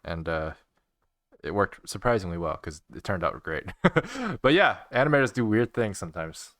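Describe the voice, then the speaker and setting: A man's voice: fairly low pitch, very animated, moderate pace, a bit bright, no room sound, studio quality. A man with an American accent hosting a casual animation commentary stream, chatty and self-deprecating, laughing often.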